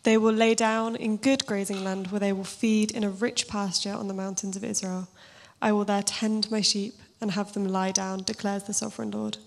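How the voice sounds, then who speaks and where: A woman with a slightly husky voice, speaking casually and then giving a steady scripture reading in a sermon. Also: mid-range voice, normal speed, hardly any pauses. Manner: informal and self-deprecating, steady even reading. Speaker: church speaker.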